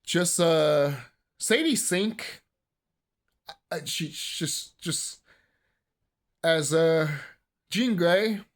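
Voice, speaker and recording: A man in his thirties rants casually as a movie commentary vlogger, profane and rambling, breaking into bursts of laughter. His voice is a little high, and he speaks extremely slowly with frequent pauses.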